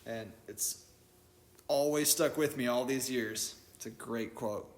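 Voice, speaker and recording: Earnest, halting man on a podcast. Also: mid-range voice. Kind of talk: casual podcast chat.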